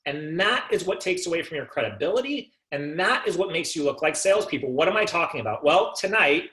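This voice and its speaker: In an echoey room, a man runs a sales coaching call, his voice fairly high, animated, brisk and a bit bright. Rhetorical questions pile up as he checks in with listeners, constantly adding "right?"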